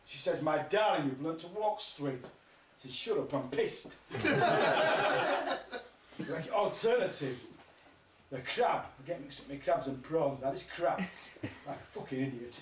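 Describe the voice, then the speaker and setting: Man, stand-up comic, rambling and sweary, lively voice, roomy hall. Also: on the high side, moderate pace, recorded from a distance. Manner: rambling, swearing, laughing at his own jokes. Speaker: comedian. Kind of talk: stand-up joke telling. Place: live music festival stage. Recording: roomy hall, mic from afar, faint noise.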